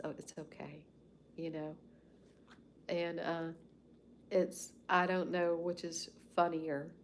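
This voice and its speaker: A woman's voice: low voice, slight background noise. A Southern US woman in her fifties rambling folksily as she hosts a casual livestream chat from home. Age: 50s. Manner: rambling and folksy, with soft asides. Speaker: livestream host. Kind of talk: casual chat with live viewers.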